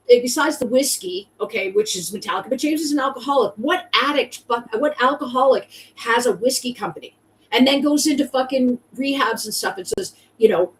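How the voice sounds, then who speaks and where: A woman host rants in loose, profane chat, rambling through fillers and restarts. Her voice sits a little high and comes from somewhat off the mic. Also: expressive, normal speed, far from the mic, low-quality recording. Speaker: podcast host. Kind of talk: casual chat.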